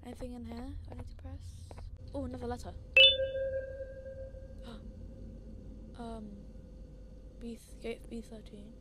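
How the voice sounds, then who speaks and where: A woman's voice: fairly high pitch, steady tone, normal speed, heavy background noise. A woman playing a horror game, easily startled and pleading with a companion. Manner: jumpy, frequently startled and shrieking; coaxing a companion in a soft voice. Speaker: gaming streamer. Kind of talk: horror game let's play. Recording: game music loud behind voice. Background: loud game music.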